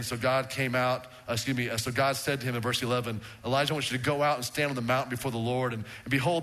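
A pastor preaches to his congregation in a church sanctuary, using a handheld or stand microphone. He swings between raised, emphatic lines where his pitch climbs and hushed, low words.

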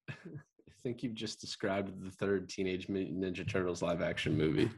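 A man in a relaxed movie review chat. He rambles, restarts his sentences and fills the gaps with ums and likes. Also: deep voice, normal speed, creaky, slightly rough. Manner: rambling, many fillers and restarts, laughs often. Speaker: podcast co-host.

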